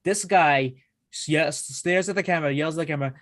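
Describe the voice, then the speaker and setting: A man co-hosting a wrestling show in casual chat, excitable and swearing freely, often restarting his sentences. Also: a little high, a little fast, dry recording, studio quality. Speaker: wrestling podcast co-host.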